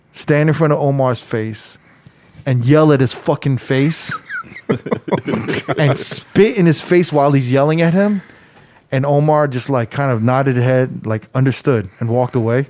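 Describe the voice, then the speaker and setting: Profane, animated man telling stories. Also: mid-range voice, normal speed. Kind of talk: casual chat.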